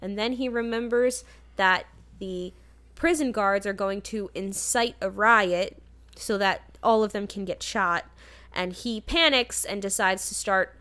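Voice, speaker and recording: A young woman talks through a film's plot in a loose, rambling way. Her voice sits at an ordinary middle pitch. She laughs often, keeping the tone casual. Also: fairly bright tone. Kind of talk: casual movie recap chat.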